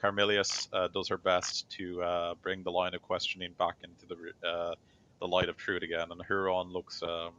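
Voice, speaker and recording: A man's voice: sits low, monotone, moderate pace, pushed and bright. A man narrating a tabletop game as game master, rambling and full of fillers, on a dull lo-fi recording.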